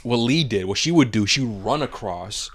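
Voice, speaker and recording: A man's voice: medium pitch, lively intonation, normal speed. A man co-hosting a podcast, chatting casually and animatedly through a movie spoiler review, laughing often and acting out quotes. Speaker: podcast co-host.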